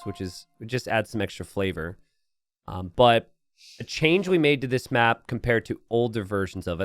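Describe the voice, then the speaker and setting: A man's voice: mid-range voice, clear, resonant tone. A man commentating on a strategy game match live, breaking down the map and each player's plans in an easygoing way. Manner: analytical, easygoing.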